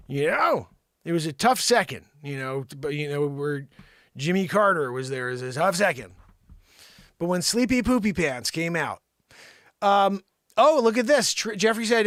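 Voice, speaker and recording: A man hosting a show, riffing through an improvised comedy monologue, swinging between loud bursts and low mutters. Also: no room sound, clean studio sound. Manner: animated, jumps between shouting and muttering. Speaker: host.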